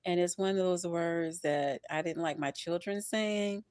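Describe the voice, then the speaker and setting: An older woman reading tarot on a livestream, expressive and preachy, often laughing and calling her listeners honey and baby. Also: on the low side, measured pace, dry recording. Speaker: tarot reader.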